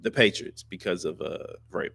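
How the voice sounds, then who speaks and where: A man's voice: deep voice, fairly quick, vocal fry, fairly bright tone, slight background noise. A man co-hosting a podcast, chatting casually about sports in a blunt, profane way and repeating himself for emphasis. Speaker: podcast co-host.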